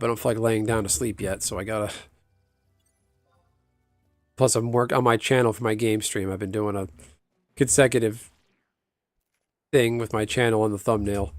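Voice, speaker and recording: A man's voice: lowish voice, no room sound, clean studio sound. A man chatting casually on a livestream, rambling and answering viewers' chat aloud. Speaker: live streamer.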